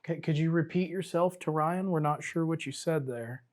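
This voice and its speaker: A man leading a ghost hunt, asking unseen spirits slow, coaxing questions and dropping to a whisper now and then. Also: fairly high pitch. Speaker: paranormal investigator. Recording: noisy night recording.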